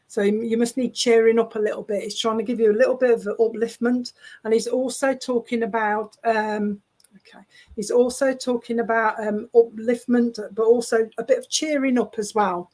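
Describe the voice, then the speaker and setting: Lady medium passing on spirit messages, lots of ums, kinda high pitched. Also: fairly even intonation, darkish tone. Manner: chatty, halting, reassuring, with frequent ums. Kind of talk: relaying spirit messages in an online service. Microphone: video call.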